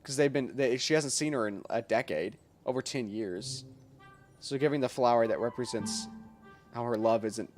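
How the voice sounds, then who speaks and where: A man streaming a game, thinking aloud with many fillers and bursting into loud, excited reactions. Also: medium pitch, moderate pace. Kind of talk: casual gaming livestream commentary. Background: game music.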